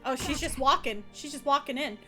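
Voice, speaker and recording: A woman streaming a video game, chatting casually with her viewers, laughing often and breaking into loud playful outbursts. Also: high voice, brisk, faint music behind. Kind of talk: casual livestream gameplay commentary.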